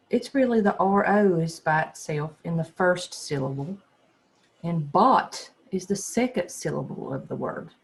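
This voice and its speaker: Gravelly-voiced teacher sounding out words. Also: mid-range voice, slight background noise. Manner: patient, sounds words out slowly and spells letters. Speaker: second grade teacher. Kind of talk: phonics lesson for young children.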